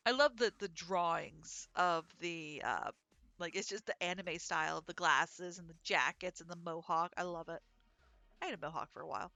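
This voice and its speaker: A woman's voice: lowish voice, moderate pace, gravelly, sharp tone, dry recording. A woman streaming a visual novel, reading its text aloud and chatting between lines. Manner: chatty, reads dialogue aloud between asides. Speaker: gaming streamer. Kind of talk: let's play commentary, reading game text aloud.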